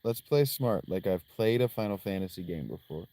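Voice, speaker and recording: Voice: deep voice, expressive, moderate pace, dark tone, no room sound. A game streamer chatting casually while playing, with ums and offhand swearing. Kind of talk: casual let's-play commentary.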